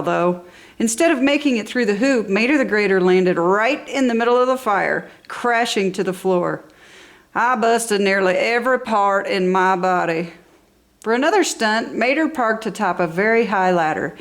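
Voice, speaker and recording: A woman reading a children's storybook aloud in an enthusiastic, expressive way. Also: medium pitch, normal speed. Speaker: storybook reader.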